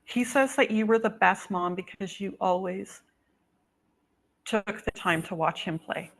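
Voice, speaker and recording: A woman working as a psychic medium, talking through a reading over a video call in a halting way, full of "um" and "like". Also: medium pitch.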